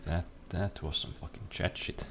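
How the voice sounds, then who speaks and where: A man's voice: low voice, fairly even intonation, moderate pace, creaky, noisy background. A young man streaming a game, chatting casually in a rambling, profane, self-deprecating way at his computer desk. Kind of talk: casual chat while gaming.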